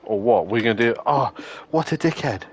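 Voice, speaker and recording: A man's voice: mid-range voice, moderate pace, creaky, slight background noise. A young man streaming a racing game and chatting casually with friends, swearing constantly and ranting in exasperation. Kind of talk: casual gaming chat with friends.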